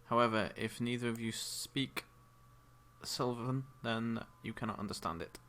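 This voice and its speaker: A man narrating a tabletop game as game master, with a measured delivery and frequent ums and uhs. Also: mid-range voice, steady tone, bright, forceful tone, slight background noise.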